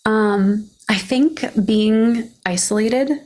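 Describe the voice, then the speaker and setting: A woman's voice: on the high side, extremely slow, a little mellow. A woman entrepreneur speaking as a podcast guest, candid and frank, with frequent laughs. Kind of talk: casual interview chat.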